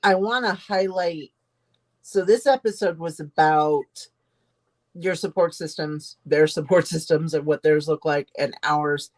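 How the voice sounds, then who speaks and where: A low-pitched woman co-hosts a podcast in relaxed conversation. She tells her story earnestly and speaks warmly of her co-host. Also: measured pace. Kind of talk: casual chat.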